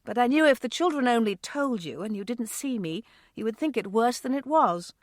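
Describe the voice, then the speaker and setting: A woman reads the part of a jolly older lady friend, using a natural voice pitched above her own. It sits on the high side with lively intonation at a moderate pace, in studio-quality audio with no room sound.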